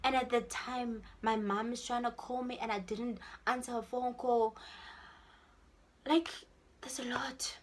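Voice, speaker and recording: A young South African woman with a South African accent, telling a storytime vlog in an animated way and acting out the people in her story. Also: fairly high pitch, unhurried. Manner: animated storytelling, switching into Sesotho-style phrases and acting out voices. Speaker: vlogger.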